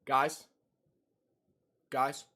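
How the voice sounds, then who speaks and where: Talking extremely slowly with a sharp tone, a young male streamer casually addresses his livestream chat. He repeats his lines and is easy to spook.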